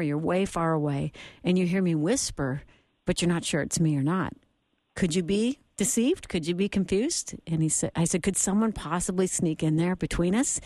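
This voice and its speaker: A woman's voice: lowish voice, darkish tone, no echo. A middle-aged woman hosting a Christian radio talk show, telling a family story and retelling the dialogue.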